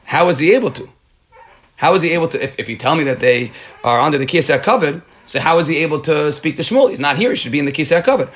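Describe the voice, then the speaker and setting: A man's voice: a little high, lively intonation, fast talker, fairly bright tone. Man working through a Talmud page. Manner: reads Aramaic aloud, then explains in English with frequent restarts. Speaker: Talmud teacher. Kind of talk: reading and explaining a Talmud page.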